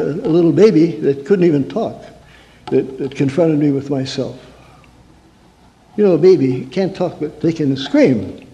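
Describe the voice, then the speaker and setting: A man who works as a counselor, with a slightly high, mellow voice, offers a humorous talk in the style of a sermon. He leans on stories, rhetorical questions, and mock-angry asides, and the sound carries the echo of a reverberant hall.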